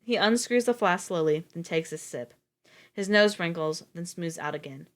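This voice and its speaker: A woman's voice: on the low side, lively intonation, moderate pace. Casual woman reading a story live. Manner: casual, swearing, laughing asides. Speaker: streamer reading a story aloud.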